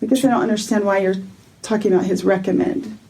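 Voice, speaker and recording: A woman's voice: medium pitch, steady tone, fast, dark tone, rough recording. A woman in a church meeting, speaking firmly and directly and pressing her questions. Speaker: church member. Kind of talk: tense meeting conversation.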